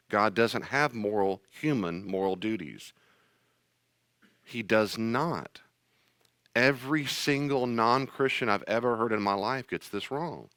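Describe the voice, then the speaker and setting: Male pastor teaching, blunt and emphatic, with an animated, swinging delivery and dry, close sound. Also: lowish voice, dry recording. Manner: emphatic, blunt, acts out scenes. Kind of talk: sermon-style teaching talk.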